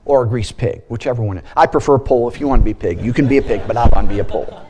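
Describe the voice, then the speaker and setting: A man preaching a sermon as a pastor, animated and mixing in joking asides. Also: mid-range voice, racing, a crowd in the background.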